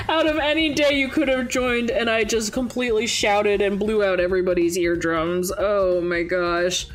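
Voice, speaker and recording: A woman's voice: mid-range voice, steady tone, moderate pace, few pauses. A woman streamer chatting casually and reading game narration aloud, laughing easily.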